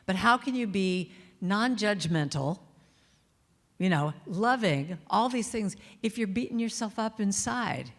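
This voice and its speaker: A woman's voice: mid-range voice, expressive, measured pace. A middle-aged woman giving a playful, chatty spiritual talk to a congregation, acting out little quotes as she goes. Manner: warm, chatty, playful, acts out quotes and sings snippets. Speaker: inspirational speaker and singer. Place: large church hall. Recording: long reverb of a large hall.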